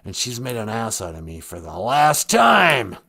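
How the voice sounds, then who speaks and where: A man doing a comedy impression of a grumpy, raspy middle-aged male celebrity who sulks and grumbles. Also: medium pitch, wildly swooping pitch, measured pace, bright, forceful tone, full character voice. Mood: sulky.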